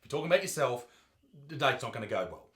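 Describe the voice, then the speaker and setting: A young Australian man doing loud, profane comedic commentary, mocking and ranting as the host. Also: mid-range voice, big pitch swings, very fast, roomy sound. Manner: loud, sweary, mocking rants.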